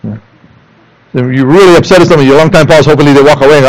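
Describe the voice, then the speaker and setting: A man preaching a sermon in church, animated, rising into loud emphatic lines and dropping to low asides for the congregation. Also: rapid-fire, low-quality recording. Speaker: pastor. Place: church sanctuary.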